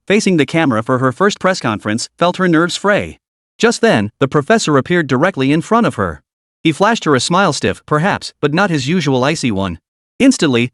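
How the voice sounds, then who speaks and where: Lively male story narrator. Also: on the high side, dry recording, clean studio sound. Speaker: recap narrator.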